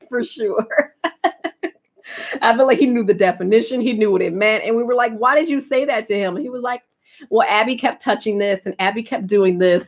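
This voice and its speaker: A young woman streamer with an American accent, chatting casually, telling stories and laughing often. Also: mid-range voice. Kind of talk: casual chat.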